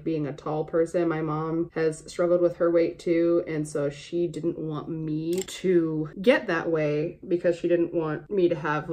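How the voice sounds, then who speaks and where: Young woman, lowish voice, casual profane makeup vlogger, excitable. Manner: chatty, profane, easily excited. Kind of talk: casual makeup tutorial chat.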